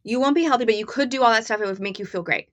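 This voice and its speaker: Woman, relationship chat co-host, animated, bright tone, dry sound. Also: fairly high pitch, rapid-fire, no room sound. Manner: animated storyteller, laughs often. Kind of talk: casual morning chat with husband. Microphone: live stream mic.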